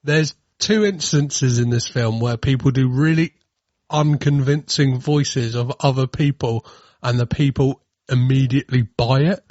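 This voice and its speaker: A man hosting a podcast, chatting casually with lively restarts and stammers, slipping into mocking silly voices. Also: medium pitch, unhurried, dry recording, lo-fi sound. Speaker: podcast host. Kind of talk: casual chat.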